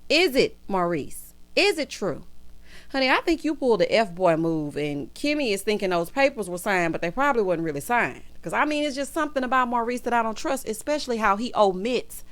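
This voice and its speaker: A woman's voice: fairly high pitch, a little fast. Sassy gossiping woman. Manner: sassy, gossipy, lively, laughs loudly. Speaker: reality TV recap host. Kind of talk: casual recap commentary.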